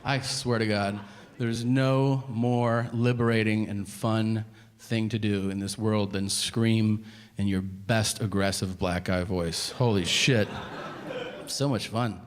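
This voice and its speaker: On stage with a handheld mic, a male comedian tells a profane story in an animated way, acting out the dialogue. His voice is lowish and slow, with a long reverb tail and some chatter in the background.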